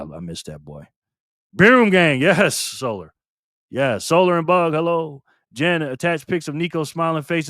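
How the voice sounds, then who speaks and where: An older man hosting a casual live stream, greeting viewers by name, loud and cheerful one moment and low and quiet the next. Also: dry recording, studio quality.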